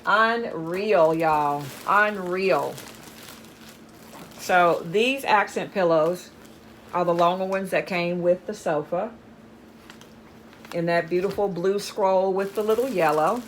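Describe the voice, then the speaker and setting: A woman's voice: lowish voice, slow, long pauses, slight background noise. Chatty woman showing off a haul. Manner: chatty, enthusiastic, says "y'all" often. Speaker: haul vlogger. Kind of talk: casual show-and-tell chat.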